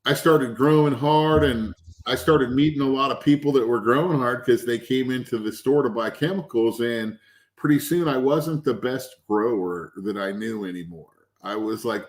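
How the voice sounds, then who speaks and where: A man who is the guest, a cannabis extract maker, telling casual stories with lively anecdotes and acting out the people he quotes. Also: medium pitch, normal speed. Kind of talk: casual storytelling.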